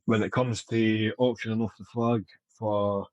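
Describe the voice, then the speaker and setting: A man's voice: lowish voice, little pitch movement, a little slow, a little mellow, no echo, muffled recording. A man with a Scottish accent hosting a casual podcast interview, easygoing and hesitant. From Scotland. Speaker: podcast host.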